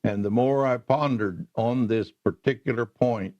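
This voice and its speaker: An older man slowly recalling his career in an oral history interview, pausing often with "uh". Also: mid-range voice, darkish tone. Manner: slow, halting storyteller with many "uh" pauses. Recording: muffled lo-fi recording.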